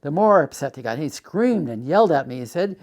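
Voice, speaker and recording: An older man in a documentary interview, telling a personal story with halting restarts and rising agitation. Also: on the high side, sing-song.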